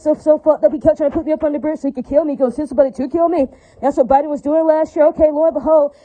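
A woman's voice: high-pitched, dark tone, rough recording. A woman giving an angry, profane monologue rant, heated and preachy, with lots of repetition.

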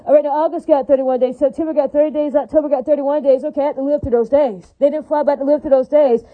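Fast, high-pitched woman ranting angrily. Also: fairly even intonation, narrow, tinny audio. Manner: angry, repetitive, profane; repeats warnings over and over. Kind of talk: ranting monologue.

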